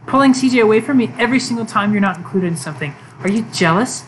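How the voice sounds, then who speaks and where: A woman voicing an obsessive, intense young woman, reading game dialogue in a slow, intimate, creepy tone. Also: medium pitch, animated, a little hiss or hum, voice pushed up, natural voice, low-quality recording. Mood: cold, cutting.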